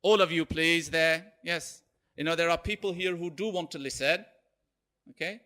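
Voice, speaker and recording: A man's voice: fairly high pitch, normal speed, pushed and bright. A man giving a Friday sermon as a preacher, telling a story animatedly and often checking in with "okay?".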